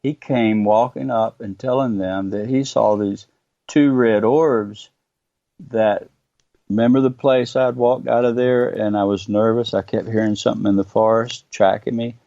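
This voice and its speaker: A man with a low, gravelly voice earnestly tells his own story as a radio guest, stopping and restarting as he goes. His tone is dark and mellow. The sound is dull and lo-fi. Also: steady tone, unhurried, dry recording. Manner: earnest, vivid storytelling with hesitations. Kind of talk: recounting a personal experience.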